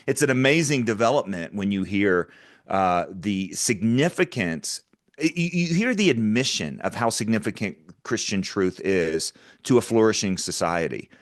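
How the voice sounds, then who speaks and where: A man's voice: on the low side, lively intonation, moderate pace, no echo, studio quality. A man speaking as a guest in a conversational interview, earnest and talking through frequent stammered restarts.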